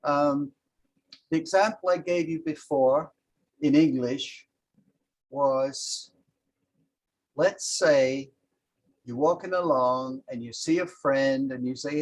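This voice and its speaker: A man's voice: a little high, slow, pauses often, poor audio. A man teaching a language class, patiently explaining grammar and demonstrating example phrases aloud.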